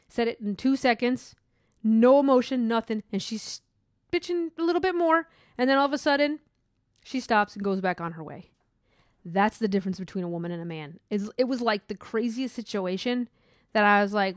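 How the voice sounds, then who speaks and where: A woman's voice: a little high, fairly quick, no room sound, clean studio sound. A woman who works in hospital imaging, talking earnestly and rambling with restarts in a casual spiritual monologue. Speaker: hospital MRI worker.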